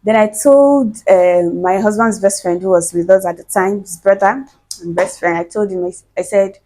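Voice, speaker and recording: Young woman vlogger, lively storyteller who acts out every quote. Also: on the low side, fairly quick. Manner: animated, laughs often, acts out quotes. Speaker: vlogger telling her birth story. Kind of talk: casual storytelling to camera.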